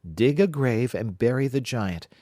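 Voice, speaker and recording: A man voicing a gracious fairy lady in a storybook, speaking softly and solemnly. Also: medium pitch, animated, unhurried, dry recording, studio quality, pitched above the performer's own voice.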